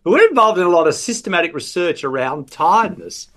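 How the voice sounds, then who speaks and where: Australian male academic guest, lively explainer, acts out examples in quotes. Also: high voice, fast talker. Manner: animated explaining, quoting imagined patients. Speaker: professor, guest expert. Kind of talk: radio interview.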